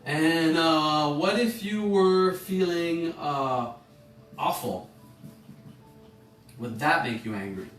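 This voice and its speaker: A man's voice: on the high side, slow pace, pauses often, fairly bright tone. A man teaching an online emotional intelligence class, talking informally, rambling and correcting himself as he puts questions to the listeners. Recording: echoey room, a bit far from the mic, faint music.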